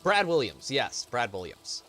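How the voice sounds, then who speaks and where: A man's voice: mid-range voice, very animated, unhurried, sharp tone, soft background music. A man hosting a casual let's-play stream, chatting in a rambling, profane, self-interrupting way. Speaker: gaming channel host.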